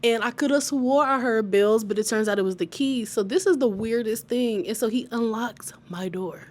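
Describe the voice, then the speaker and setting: A woman chatting casually to her viewers as she tells a personal story, lively and laughing often. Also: fairly high pitch, moderate pace. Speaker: vlogger telling a personal story.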